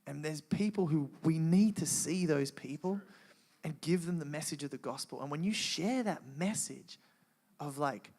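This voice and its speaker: A man telling an emotional personal testimony to a live audience, earnest and animated, with frequent restarts. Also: fairly high pitch, moderate pace. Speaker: guest speaker sharing testimony.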